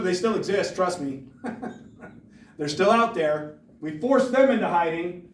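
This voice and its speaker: Emphatic man speaking to students. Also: sits high. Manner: emphatic, rhetorical questions to the audience. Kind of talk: motivational talk. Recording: echoey room from far off.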